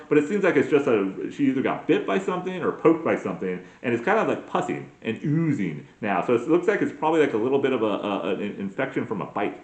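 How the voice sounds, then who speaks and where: A man's voice: medium pitch, sing-song, fast, few pauses, roomy sound. A man in his forties doing a crude, self-mocking comedic monologue as a podcast host, full of profane rants. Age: 40s.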